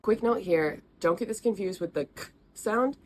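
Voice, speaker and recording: A woman teaching the letters and sounds of an alphabet in a friendly, patient way, repeating each sound slowly. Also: medium pitch, a little mellow, a little hiss or hum. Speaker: language teacher. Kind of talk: explaining, recorded lesson.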